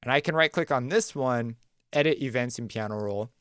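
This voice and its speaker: A man hosting a music production tutorial, talking casually and thinking aloud as he walks through a software workflow. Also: medium pitch, fairly quick, clear, resonant tone, no echo. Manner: relaxed, conversational, thinks aloud while clicking. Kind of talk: screen-recorded software tutorial.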